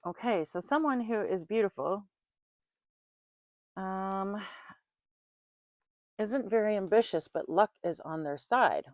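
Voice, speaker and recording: A woman's voice: medium pitch, animated, slow pace, pauses often, darkish tone, no room sound, studio quality. A woman in casual chat who reads tarot cards, talking chattily and laughing often between remarks. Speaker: tarot reader.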